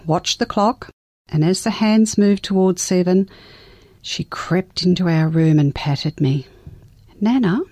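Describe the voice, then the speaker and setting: An older grandmother telling a true family story in a tender, measured way and reading scripture as a guest on a talk program. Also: on the low side, dark tone, no echo.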